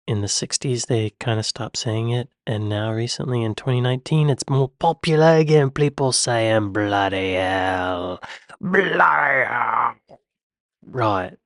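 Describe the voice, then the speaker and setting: A man's voice: mid-range voice, a little mellow, no echo, studio quality. An American man hosting a reaction video, thinking aloud in a curious, amused way. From United States. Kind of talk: casual reaction commentary.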